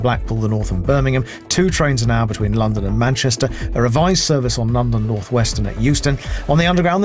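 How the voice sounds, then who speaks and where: A man reads a scripted radio travel bulletin in a brisk, matter-of-fact way. His voice sits at a mid pitch. Faint music plays underneath. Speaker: travel news reader. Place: radio studio.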